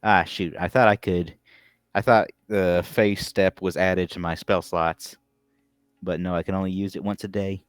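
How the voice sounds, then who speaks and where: A man's voice: sits low, steady tone, normal speed, no room sound, clean studio sound, faint music behind. A man playing a tabletop game, chatting casually and partly speaking in character. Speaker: player.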